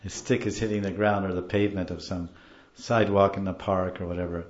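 A man's voice: sits low, level tone, fairly quick, darkish tone, echoey room, lo-fi sound. A man giving a scripture class, explaining terms animatedly and repeating words as he teaches. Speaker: spiritual teacher.

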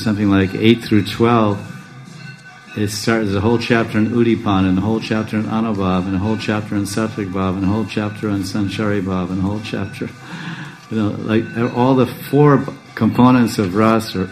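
Deep-voiced male teacher, loose rambling class lecture, near-monotone delivery, faint music underneath. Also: normal speed, rough recording. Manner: rambling with restarts and chuckles; calls his own speaking monotone. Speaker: spiritual teacher.

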